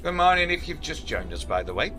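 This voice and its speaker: A man's voice: on the high side, sing-song, brisk, bright, forceful tone. A man hosting a casual gaming stream, chatty and cheery, laughing often. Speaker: streamer host. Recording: music and truck game sounds behind.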